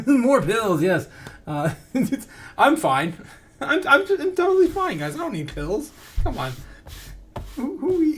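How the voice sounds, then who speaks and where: A man hosting a casual livestream, reading chat aloud, laughing often and getting excitable. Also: on the high side. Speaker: host.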